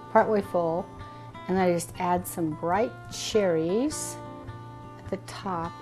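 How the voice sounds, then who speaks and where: A woman's voice: lowish voice, darkish tone. Chatty middle-aged woman cooking on camera. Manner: chatty and enthusiastic, thinks aloud. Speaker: cooking show host. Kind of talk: casual cooking demonstration. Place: kitchen.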